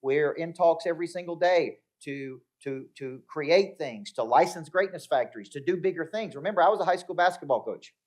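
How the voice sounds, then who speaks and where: A man's voice: fairly high pitch, brisk, few pauses, a little mellow. Man giving a motivational talk. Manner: storytelling with acted-out dialogue and crowd check-ins. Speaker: motivational speaker. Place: live event before an audience.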